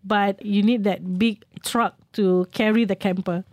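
A woman's voice: medium pitch, unhurried, no echo. Chatty middle-aged woman. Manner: chatty, lively anecdotes with fillers. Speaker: guest traveller. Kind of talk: casual storytelling.

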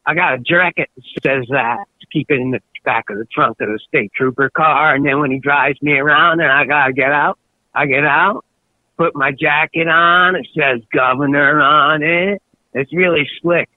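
A man's voice: a little high, normal speed, natural voice. A man on the phone putting on a boastful, goofy state governor who brags and mocks. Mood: smug bragging. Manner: bragging, gleeful, mocking, with laughs. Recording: tinny phone line.

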